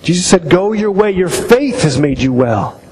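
High-voiced middle-aged pastor in reverberant hall. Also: male voice, expressive, darkish tone. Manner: halting, repeats words while telling stories. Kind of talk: sermon. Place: church. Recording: long reverb in a hall, faint noise.

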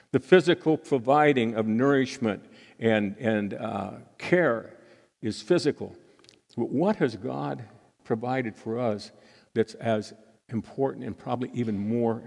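Gravelly male preacher in a reverberant hall. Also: medium pitch, a little mellow. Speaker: pastor. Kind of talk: sermon.

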